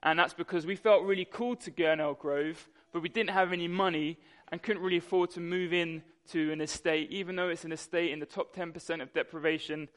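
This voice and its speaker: Animated man preaching a sermon. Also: on the high side, fairly quick, hardly any pauses. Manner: animated storytelling, acts out voices. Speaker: pastor.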